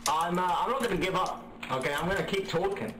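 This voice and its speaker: A man's voice: high voice, fast, a crowd in the background. A young man in in-game voice chat, hesitantly pleading for teammates to talk back. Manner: pleading, hesitant, many uhs. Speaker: player in voice chat.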